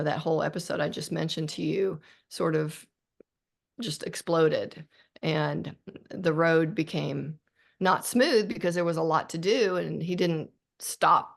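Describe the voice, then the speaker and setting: A woman's voice: sits low, creaky. A middle-aged woman, an author guest on a podcast interview, talking earnestly and reflectively with frequent restarts.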